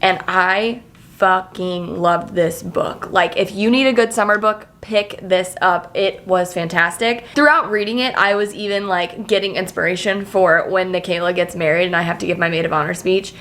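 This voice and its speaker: A woman in her twenties talking casually to camera in a vlog, chatty and excitable, swearing freely and leaning on filler words. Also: lowish voice, moderate pace. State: emotional, near tears. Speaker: vlogger.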